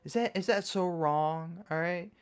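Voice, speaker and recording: A man's voice: fairly high pitch, a little slow, clean tone. A young man rambling sarcastically over a game, swearing often and stumbling over restarts. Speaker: gaming streamer. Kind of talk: sarcastic rambling commentary while gaming.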